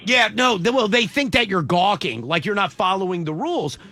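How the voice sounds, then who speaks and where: A man's voice: high-pitched, animated, sharp tone, a little hiss or hum. A man hosting a morning radio show, joking and quizzing a caller in casual banter. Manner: playful, joking, quick questions. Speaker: radio host.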